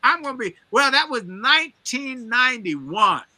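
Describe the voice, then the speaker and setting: A man speaking as a motivational guest, his voice piercingly bright and forceful. He builds his points through emphatic, sermon-like repetition. The sound is dry and close, with almost no room around it. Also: extremely high pitch, sing-song, moderate pace, no room sound. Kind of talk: energetic motivational storytelling.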